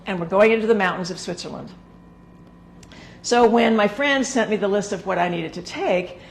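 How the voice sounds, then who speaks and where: A woman hosting a sewing show, talking casually to the camera in a hoarse, gravelly voice, chatty and rambling with filler words. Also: mid-range voice, slight background noise. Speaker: sewing instructor and show host.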